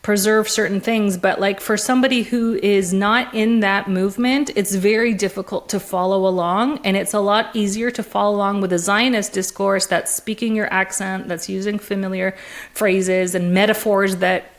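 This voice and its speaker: A woman guest in a conversational interview, talking in an animated way with frequent laughs and restarts. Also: medium pitch, moderate pace. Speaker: interview guest, discourse analyst.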